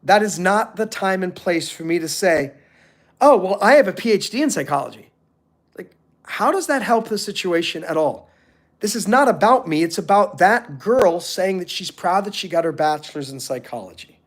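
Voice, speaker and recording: A middle-aged man on a motivational live stream, telling animated stories and acting out the people he quotes. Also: high-pitched, normal speed.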